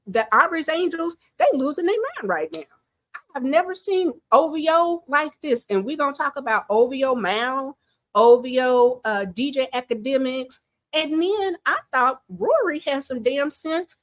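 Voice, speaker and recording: A woman giving casual commentary from home, chatty, animated and opinionated. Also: high-pitched, normal speed, no echo. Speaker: pop-culture commentator.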